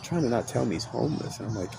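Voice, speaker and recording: Over music and background noise, a man with a medium-pitched, vocal-fry voice rattles off a wandering, expletive-laden story. He's an expressive, rapid-fire podcast host who constantly interrupts himself and begins again mid-thought.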